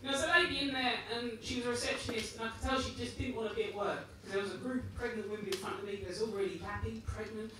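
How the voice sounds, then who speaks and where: A man's voice: high-pitched, fairly even intonation, very fast, few pauses, background noise. A British man performing a stand-up comedy set with a dry, conversational delivery. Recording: echoey comedy club from a distance. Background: audience laughter.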